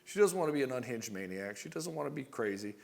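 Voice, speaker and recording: A man's voice: mid-range voice, expressive, quick pace, creaky, darkish tone. A middle-aged man coaching married men in a casual monologue, blunt and profane, acting out both sides of arguments. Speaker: relationship coach.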